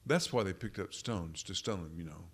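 A man preaching a sermon in an emphatic, deliberate way, leaning on repeated phrases. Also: low-pitched, slightly rough.

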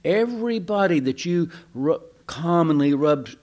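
A man's voice: fairly high pitch, animated, a little slow, a little mellow. A pastor preaching a sermon in a folksy, conversational way, asking his listeners questions.

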